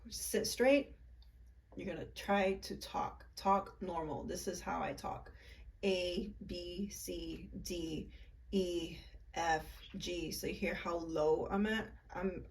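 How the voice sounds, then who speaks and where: Low-voiced woman chatting a bit off-mic. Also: darkish tone. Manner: chatty, rambling with fillers. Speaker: spiritual vlogger. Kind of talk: casual instructional chat. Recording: voice a bit far from mic, faint room noise.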